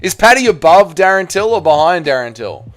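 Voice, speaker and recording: A young man hosts a casual livestream, bantering loosely with chat in slangy talk full of "mate" and "bro". His voice sits a little high for a man. Faint music runs underneath. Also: very animated, brisk. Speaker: livestream host.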